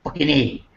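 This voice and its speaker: A man's voice: a little high, creaky. A man, chatting casually, rambling and swearing, repeating himself as he talks. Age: 50s. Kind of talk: casual chat. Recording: dull lo-fi recording.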